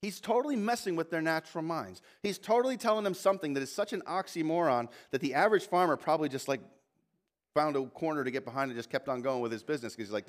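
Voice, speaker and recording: A man preaching a sermon as lead pastor in a church, animated and full of restarts and asides, lifting his voice when reading scripture aloud. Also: on the high side, fast talker. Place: church sanctuary.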